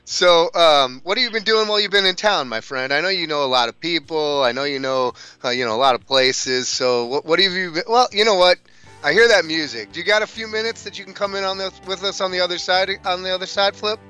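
A man's voice: sits high, a little fast, pushed and bright, smooth, faint music behind. A male radio sports talk host chatting casually, laid-back and enthusiastic.

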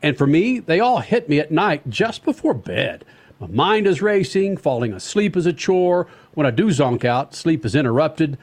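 A male radio host who banters in loose bursts and laughs often. His voice sits a touch higher than most men's. He talks motorsports with his crew in a relaxed, joking way. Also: moderate pace. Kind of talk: casual sports radio banter.

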